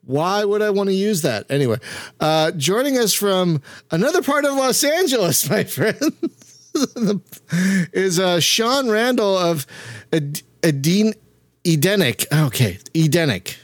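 A man's voice: sits high, lively intonation, measured pace, no echo, studio quality. A man from Philadelphia hosting a casual podcast chat, laughing often and tripping playfully over his words. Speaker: podcast host. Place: home setup on a voice call.

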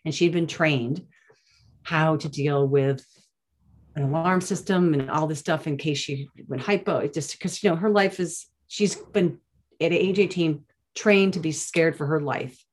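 A woman, a nurse and guest on an interview, telling stories in an animated, chatty way with many restarts. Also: low-pitched, unhurried. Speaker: nurse and plant-based diet advocate, guest. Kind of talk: casual interview storytelling.

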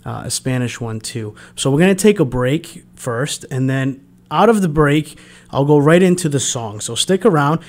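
A man's voice: on the high side, lively intonation, normal speed, darkish tone. A man hosting a local radio show, chatting casually between songs with many fillers and restarts. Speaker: radio host. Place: radio studio.

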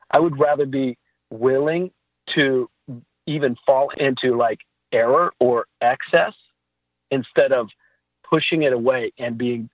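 A man talking casually about faith as a podcast guest, telling animated stories with laughs. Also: mid-range voice, slightly rough, no echo. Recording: tinny phone-like line.

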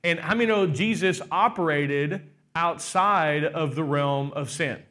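A man's voice: fairly high pitch, a little slow, bright, forceful tone. Emphatic man preaching a sermon. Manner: rhetorical, asks the crowd "how many know", emphatic. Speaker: pastor.

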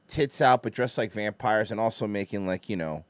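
A man hosting a podcast, telling a long story in casual chat, rambling and profane with lots of fillers and restarts, swinging between muttered asides and loud bursts. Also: on the low side, normal speed, no room sound. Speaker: podcast host.

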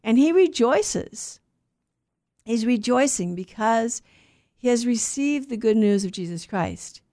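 Bible teacher, woman, slightly high voice, chatty, questions the class. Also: lively intonation, slow pace, dark tone. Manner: conversational, asks the group questions. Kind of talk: scripture teaching to a group.

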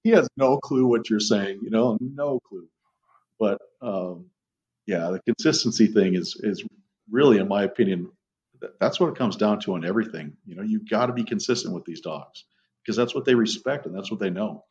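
A middle-aged man with a low voice rambles through a story in relaxed podcast chat, dropping the odd curse along the way. The recording sounds muffled and lo-fi, with a dull top end. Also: normal speed. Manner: rambling storyteller, casual profanity. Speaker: guest, police dog trainer. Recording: muffled lo-fi audio.

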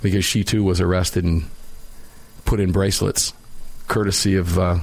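Male talk radio host, low register, sarcastic, casual banter. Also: flat delivery, moderate pace. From United States. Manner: opinionated, sarcastic, laughs while mocking.

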